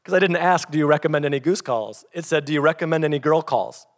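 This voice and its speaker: A middle-aged male pastor delivers a sermon, moving between plain teaching and lively stories where he acts out each person's lines. His voice sits a little high for a man. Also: quick pace, big-room sound. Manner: storytelling, animated, acts out quotes.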